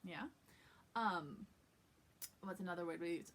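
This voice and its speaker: A woman's voice: lowish voice, steady tone, unhurried, pauses often, fairly bright tone. A woman from the American Midwest giving a casual spoken lesson as an accent coach for a theater cast, upbeat and chatty, demonstrating sounds as she goes.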